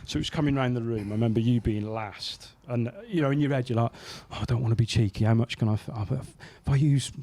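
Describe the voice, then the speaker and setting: A man from England telling a long anecdote on a podcast in an easy, chatty way. His voice sits at a middling pitch. He animates the story by putting on the voices of the people in it. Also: quick pace, few pauses, dark tone. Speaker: podcast host. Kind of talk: casual storytelling chat.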